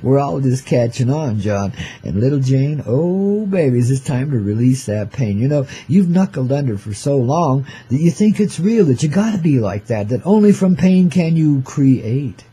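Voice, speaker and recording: Animated and warm, with a slightly rough medium-pitched voice, an older man rolls through a laid-back rhyming monologue on his own show at normal speed with few pauses. Hip slang fills it, he calls listeners "babies" and "man," and chuckles between lines.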